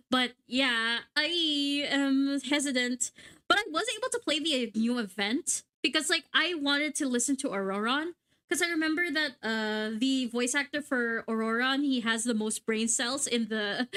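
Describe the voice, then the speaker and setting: A young woman livestreaming a game, chatting excitedly and swearing casually at her gear. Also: sits high. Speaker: VTuber streamer.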